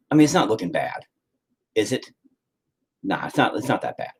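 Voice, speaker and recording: A man's voice: on the low side, sing-song, unhurried, gravelly, breathy edge. A man chatting casually while he paints, swearing a lot and mocking himself as he rambles. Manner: profane, self-deprecating rambling. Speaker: painting vlogger.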